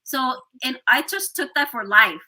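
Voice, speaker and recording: A woman's voice: high voice, a little slow, poor audio. A woman guest on a live podcast, telling stories expressively and acting out what people said. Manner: expressive storyteller, acts out quotes.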